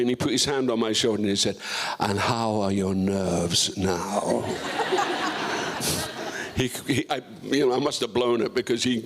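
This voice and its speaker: An older man at a festival talk tells long anecdotes about his acting career. His voice sits at a middling pitch, and his stories wander through many restarts and asides. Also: creaky, fairly bright tone. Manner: rambling, full of restarts and "you know", acting out quoted voices. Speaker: actor, guest of honor. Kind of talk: relaxed career storytelling on stage. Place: festival stage.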